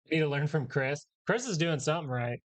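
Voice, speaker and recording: A man's voice: fairly high pitch, lively intonation, a little fast. A man hosting a live stock market stream, rambling through casual commentary, correcting himself and joking with his chat.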